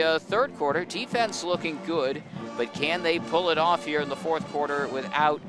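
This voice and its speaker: A young man calling high school football play-by-play from an outdoor press booth, excitable on big plays. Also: normal speed. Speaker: play-by-play announcer. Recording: outdoor stadium with band music behind. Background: marching band music.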